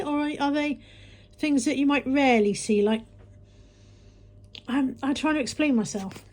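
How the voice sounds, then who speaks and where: A woman's voice: high-pitched, moderate pace, pauses often, darkish tone. A woman from England chatting casually to camera as a vlogger, self-mocking and muttering to herself as she goes through her post.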